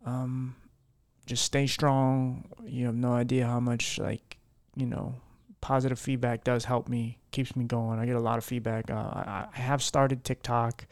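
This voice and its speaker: A worn-down man talks to his podcast listeners from home, rambling candidly with plenty of fillers and restarts. His voice has a gravelly fry, and the room sounds dry and close. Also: mid-range voice, little pitch movement, a little slow, no room sound. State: low-spirited and worn down. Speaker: podcast host. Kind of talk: candid solo podcast chat.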